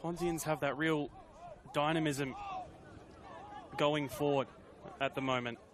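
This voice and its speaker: A man doing live play-by-play commentary on a football match, calling the action in brisk, clipped phrases that lift with the play. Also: fairly high pitch, steady tone, background noise.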